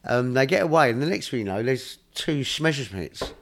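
A man's voice: medium pitch, animated, normal speed, a bit bright, slight background noise. A man in casual film chat, animatedly acting out lines and sound effects as he retells scenes.

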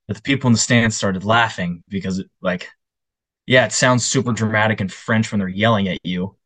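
Telling lively stories and mimicking other people's voices, a young adult male podcast co-host chats casually in a lowish voice, a little fast, with no echo.

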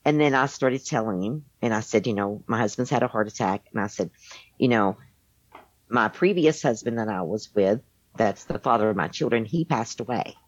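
A woman's voice: a bass voice, lively intonation, normal speed. A woman telling a personal story in a casual, rambling way, full of fillers and restarts. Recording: dull lo-fi dry sound.

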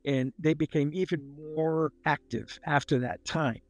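A man's voice: on the high side, a little slow, no room sound. An older man telling a personal story in casual, rambling speech and acting out the lines he quotes. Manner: plain-spoken, rambling, acts out the dialogue he quotes. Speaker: guest recounting a near-death experience.

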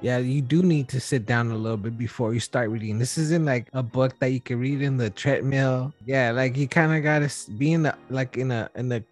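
A man interviewing a guest in casual chat, relaxed and rambling with many fillers. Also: mid-range voice, brisk, few pauses, soft background music. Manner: relaxed, rambling questions full of "like".

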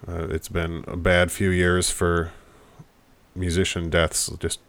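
Low, flat-voiced male podcast host. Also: no echo. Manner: somber, low-key, unhurried. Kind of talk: casual podcast talk.

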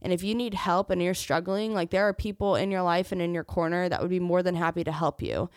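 Candid, low-voiced woman podcaster. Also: fairly even intonation, fast talker, dry recording, studio quality. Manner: candid and emotional, often near tears; joking asides between serious parts. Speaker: podcast host. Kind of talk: personal storytelling podcast.

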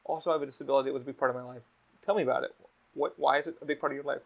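Fast-talking, swearing young man. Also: medium pitch, fairly even intonation, gravelly. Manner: heavy swearing, rambling storytelling. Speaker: podcast host. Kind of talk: casual podcast chat. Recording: dull lo-fi podcast audio.

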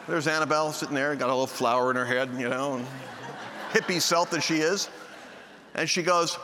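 A man preaching through a personal story in a casual, animated way, acting out the dialogue with sudden high outbursts. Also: brisk, in a large hall, background noise. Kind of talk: anecdotal sermon storytelling.

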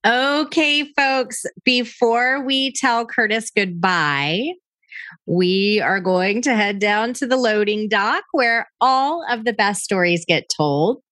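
A woman hosting a casual interview, upbeat and quick to react with exclamations. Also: a little high, expressive, a bit bright, dry recording. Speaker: interview host.

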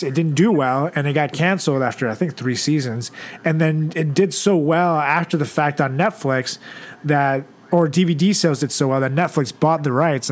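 A man co-hosting a casual talk show, laid-back and animated, swearing often as he tells stories. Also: a little high. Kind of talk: casual chat.

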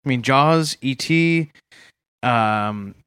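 A man co-hosting a comedy podcast, chatting casually with a deadpan joking manner. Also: medium pitch, drawn-out words, clean tone, no echo, studio quality. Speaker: podcast co-host.

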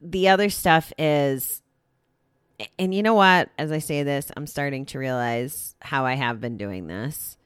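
A woman's voice: low voice, a little slow, clear, resonant tone, no room sound, clean studio sound. A young woman reading a daily recovery passage, then thinking aloud in a candid, rambling way with lots of "like" and restarts. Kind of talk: reading aloud then casual reflective talk.

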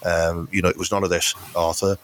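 A man's voice: deep voice, flat delivery, quick pace, fairly bright tone, slight background noise. A man hosting a podcast in casual chat, laughing often and slipping into mimicked voices. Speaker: podcast host.

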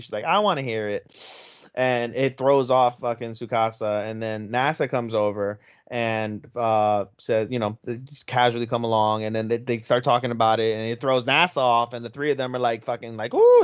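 A man's voice: mid-range voice, moderate pace, clear, resonant tone, dry recording, dull audio. A man co-hosting an anime podcast, retelling an episode in casual chat with lots of swearing and energy. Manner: energetic retelling, swears freely, slips into Japanese phrases. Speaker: podcast co-host.

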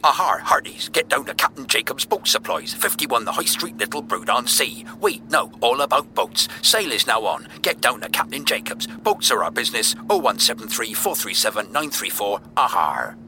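A hearty pirate captain bellows his radio spot, rolling his "aha"s. His gravelly voice leaps high and low and cuts through sharply, as a man voices him in a studio. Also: big pitch swings, moderate pace, hardly any pauses, pushed and bright, faint music behind, full character voice. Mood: gruff bluster. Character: gruff hearty male pirate sea captain. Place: recording studio.

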